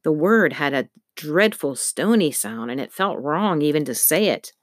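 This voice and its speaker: A woman narrating a children's storybook with steady storytelling. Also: sits low, moderate pace, no echo, studio quality. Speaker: audiobook narrator. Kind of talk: scripted narration.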